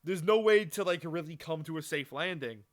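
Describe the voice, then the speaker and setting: A man's voice: on the high side, normal speed. A young man co-hosting a podcast, chatting casually, swearing freely and rambling with restarts. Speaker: podcast co-host. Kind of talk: casual chat.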